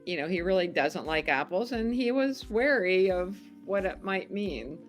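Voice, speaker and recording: A middle-aged woman speaks in a lower register, a guest recounting events in relaxed, animated conversation. She laughs easily as she goes. Faint music sits under her voice. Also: moderate pace. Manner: chatty, animated, laughs often. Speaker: podcast guest, former game show contestant. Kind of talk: casual storytelling interview.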